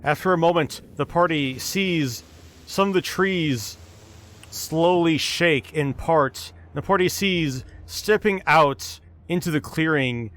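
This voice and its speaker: A man running a tabletop game as game master, narrating scenes in an unhurried, descriptive way. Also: a little high, fairly bright tone.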